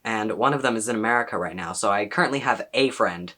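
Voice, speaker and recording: A young man chatting casually to camera as a vlogger, excitable and rambling, full of "like" and questions to himself. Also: lowish voice, fast.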